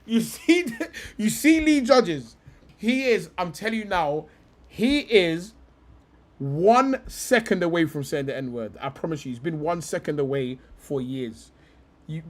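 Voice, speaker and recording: Excitable young man laughing as he streams. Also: high-pitched. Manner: excitable, laughing, swearing, talks in bursts. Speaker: streamer reacting to clips. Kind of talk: casual live-stream chat.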